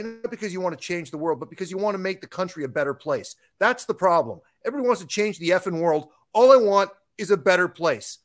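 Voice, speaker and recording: Tired guy ranting and swearing on a podcast, kinda high voice. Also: fairly bright tone. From Canada. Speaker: podcast guest, business owner. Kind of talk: ranting political chat.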